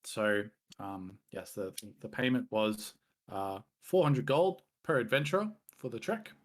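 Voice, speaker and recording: A man voicing a big, hearty male minotaur who runs an adventurers' guild, talking loud and jovial. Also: expressive, a little slow. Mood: businesslike. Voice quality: booming. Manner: jovial, chatty, laughs at his own jokes.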